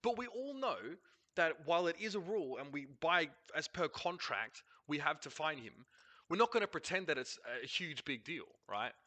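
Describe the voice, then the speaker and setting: Brief: Australian man, blunt ranting host, lively and swinging in pitch. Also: moderate pace. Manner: animated, blunt, swears freely, rants in long runs. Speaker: host reviewing a match broadcast. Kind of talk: casual commentary over a replay.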